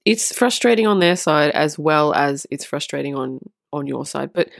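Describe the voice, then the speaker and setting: A woman's voice: low voice, no echo, clean studio sound. A woman vlogging to her viewers in a casual, earnest monologue, repeating phrases for emphasis and swearing now and then. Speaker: spiritual vlogger on twin flames.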